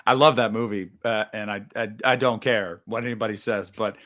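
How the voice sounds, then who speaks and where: Animated, swearing man talking movies. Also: on the low side, moderate pace. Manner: animated, swears freely, acts out scenes in exaggerated voices. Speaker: podcast host. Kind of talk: casual movie discussion.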